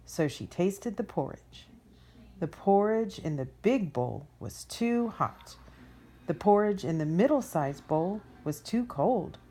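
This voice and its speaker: An expressive woman reads a children's story aloud. She takes her time, and her low voice moves widely up and down.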